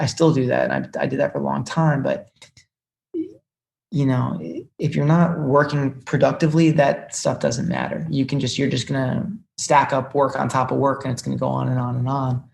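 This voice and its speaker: A young man, a music business executive, talking casually as a podcast guest and telling animated stories with lots of fillers and restarts. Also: mid-range voice, moderate pace, creaky.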